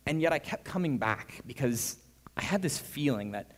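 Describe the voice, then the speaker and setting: A man preaching a sermon as pastor, animated, his voice swinging between hushed and loud. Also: medium pitch, normal speed. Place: church. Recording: reverberant church hall.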